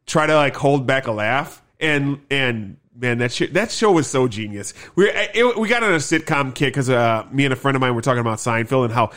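A man co-hosting a relaxed talk show, chatting in a loose, rambling way. He swears freely and leans on fillers as he talks. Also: medium pitch, fairly quick, few pauses. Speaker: podcast co-host. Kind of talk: casual chat.

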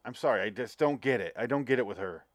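A man's voice: medium pitch, expressive, fast, dry recording. A man co-hosting a podcast, giving blunt and crude opinions about a film. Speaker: podcast co-host. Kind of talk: casual film chat.

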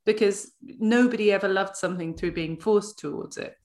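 A woman's voice: medium pitch, normal speed, a little mellow. A woman hosting an interview podcast, talking in a reflective, thoughtful way. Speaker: podcast host. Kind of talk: casual conversational interview.

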